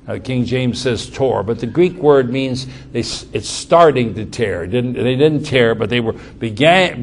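A man's voice: mid-range voice, unhurried, a little hiss or hum. A man preaching a verse-by-verse sermon in a conversational way, often repeating words as he explains.

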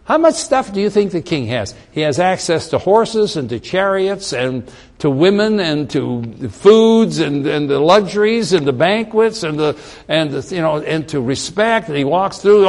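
Male preacher, fairly high voice, animated storytelling sermon. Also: measured pace. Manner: storytelling, acts out voices in quotes, emphatic rises.

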